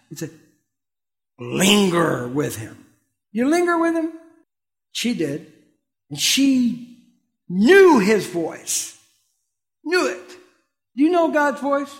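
A middle-aged man preaching a sermon in a high, bright-toned voice. He talks conversationally and asks his listeners questions. He swings between loud exclamations and hushed asides. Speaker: pastor.

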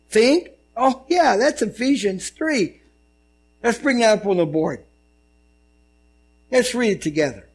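A man preaching a sermon, telling a story and swinging between loud and hushed delivery. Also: extremely high pitch, low-quality recording. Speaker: pastor.

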